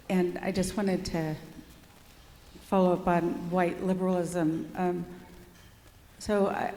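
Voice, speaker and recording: A woman's voice: fairly low pitch, warm tone, roomy sound, long reverb tail. A woman from the audience speaking from the floor, earnest and hesitant, with many fillers. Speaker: audience member asking a question. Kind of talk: question from the floor. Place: church hall.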